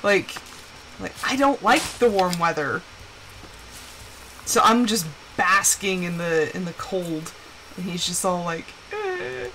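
A young woman chatting casually while playing a game on a live stream, telling animated stories and putting on quick quoted voices. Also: on the low side, a little hiss or hum, rough recording.

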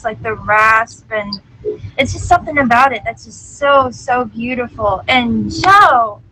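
A woman's voice: sits high, a bit bright, a little hiss or hum, poor audio. A woman coaching on a live-streamed singing show, gushing with effusive praise while on a train. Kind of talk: live-streamed casual chat.

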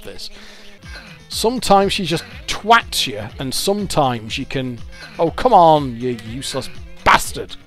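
A British man talks through a game he is playing, and his voice leaps up and down as he curses his bad luck and mocks himself. He swears often and sounds exasperated, and faint game music plays behind him. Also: fairly high pitch. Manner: swearing, exasperated, self-mocking. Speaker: YouTuber. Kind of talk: gameplay commentary.

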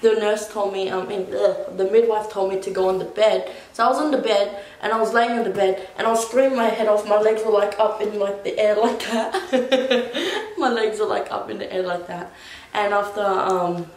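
A young woman vlogs about something that happened to her, rambling casually and saying "like" constantly. Her voice sits in the middle range with fairly even intonation and a brisk pace. The room she's in is echoey.

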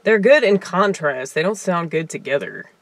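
A woman's voice: fairly low pitch, sing-song, moderate pace. A woman with a Southern US accent, a comedian rambling in a casual monologue with lots of fillers and chuckles. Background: faint piano keyboard playing.

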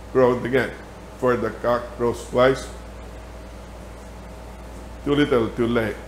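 A man with a Filipino accent teaching a Bible lesson in a church, telling stories in an animated way with laughter. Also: mid-range voice, reverberant, slight background noise. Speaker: Sabbath school teacher. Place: church hall.

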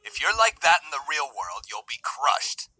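A man's voice: on the high side, sing-song, moderate pace, pushed and bright, no room sound, full character voice, poor audio. A man voicing a stern, controlling middle-aged father in a visual novel reading, curt and condescending. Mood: cold, lecturing.

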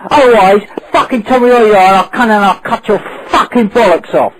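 Angry guy on the phone, swearing a lot, kinda high voice, tinny line. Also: brisk. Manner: furious, swearing, woken in the early morning. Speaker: prank call victim.

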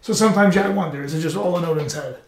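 A middle-aged man hosting a studio podcast, a profane, rambling, animated storyteller who also fights. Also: a little high, fast, distant mic, a crowd in the background. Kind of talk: casual studio chat. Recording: roomy echo, mic set back.

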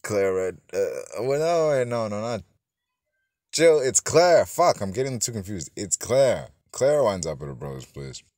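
A man's voice: medium pitch, expressive, a little slow, creaky, a little mellow, no echo, studio quality. A man giving a rambling, profane, casual movie review, full of fillers and self-corrections, acting out bits of dialogue as he goes. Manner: acts out characters' lines in snippets.

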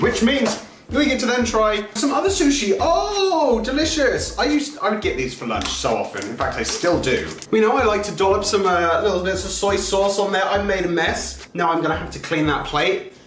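A man's voice: sits high, lively intonation, a little fast, fairly bright tone, a little hiss or hum. A young man hosting a casual taste-test vlog, chatty and exclaiming as he talks to his viewers. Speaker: YouTuber host. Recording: echoey room with light music.

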